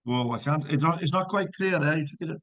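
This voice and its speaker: A man's voice: on the high side, fairly quick, fairly bright tone, no echo, dull audio. A man teaching physics in a live online class, checking students' answers with encouragement and working through problems step by step.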